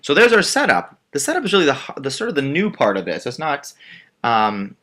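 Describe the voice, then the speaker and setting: A man's voice: medium pitch, wildly swooping pitch, brisk, fairly bright tone. A male math teacher patiently walking through a word problem step by step while drawing a diagram. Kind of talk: screen-recorded math lesson.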